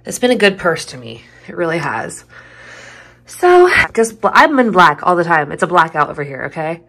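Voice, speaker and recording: A woman's voice: fairly low pitch, big pitch swings, normal speed, fairly bright tone, no echo. A woman talking casually to camera in a day-in-my-life vlog, chatty and blunt, swearing freely. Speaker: vlogger.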